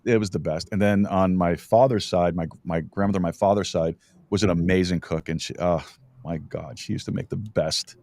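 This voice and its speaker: A middle-aged man hosting a podcast, chatting casually and telling stories with lots of halting restarts. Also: sits low, fairly even intonation, creaky, a little mellow. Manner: rambling, halting storyteller with many restarts. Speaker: podcast host. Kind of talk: casual chat. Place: podcast studio.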